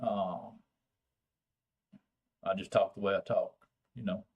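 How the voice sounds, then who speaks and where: A man's voice: deep voice, fairly even intonation, slow pace, phone-quality sound. An older man with a Texan accent, hosting a casual, folksy chat with viewers in a drawling, salty way. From Texas. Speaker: livestream host.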